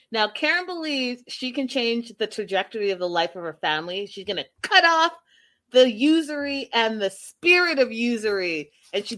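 A woman's voice: mid-range voice, a bit bright. A woman chatting casually to her viewers as she recaps a show, often turning to them directly. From Canada.

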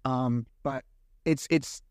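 A man's voice: medium pitch, takes it slowly, dry recording, studio quality. A man hosting his own podcast, telling a story in a casual monologue, acting out the dialogue as he vents his frustration. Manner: animated storytelling, acts out dialogue; frustrated, venting. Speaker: podcast host.

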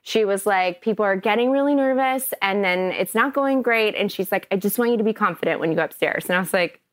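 A woman from Kentucky, an actress guest on a podcast, telling a story in an animated, chatty way. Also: mid-range voice, brisk, no echo. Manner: chatty, animated, often laughing.

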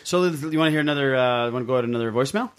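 A man's voice: medium pitch, rapid-fire, clean tone. Man hosting a casual podcast chat. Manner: joking, steers the segments. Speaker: podcast host.

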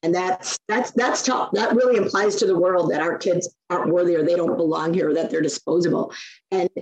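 A woman's voice: fairly low pitch, brisk, dull audio. A middle-aged woman, a guest telling personal stories in a casual interview and acting out the quoted speech. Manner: animated storyteller, acts out quoted speech. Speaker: guest, nonprofit founder.

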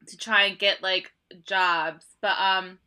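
A woman's voice: mid-range voice, level tone, takes it slowly, pushed and bright, clear, resonant tone. An American woman co-hosting a casual book podcast, giggly and laughing often, full of "like" fillers. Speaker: podcast co-host.

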